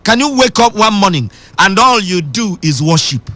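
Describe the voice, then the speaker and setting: Bright, lively preacher man. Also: high voice, moderate pace, dry recording. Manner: emphatic preaching that swings between shouting and sing-song. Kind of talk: radio sermon.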